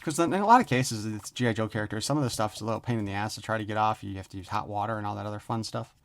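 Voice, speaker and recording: A man's voice: lowish voice, racing. A man giving a casual, rambling toy unboxing review, joking around and swearing offhandedly.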